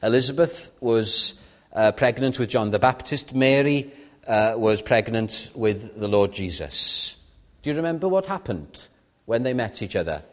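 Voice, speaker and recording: A man's voice: medium pitch, animated, a little slow. Male preacher, mid voice, earnest and personal, sermon delivery. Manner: earnest, personal, with sudden soft drops and raised stresses.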